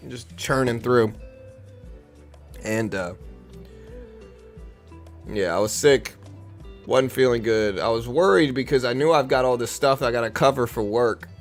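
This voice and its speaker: A man's voice: medium pitch, measured pace, pauses often, soft background music. A man hosting a live day-trading stream, talking casually and rambling with restarts, still getting over an illness. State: recovering from illness, a bit slow.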